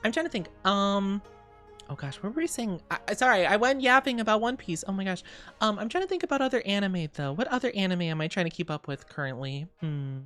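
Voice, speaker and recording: A woman's voice: mid-range voice, big pitch swings, quick pace, a bit bright, soft background music. A young woman streamer chatting casually with her viewers, rambling and giggling often.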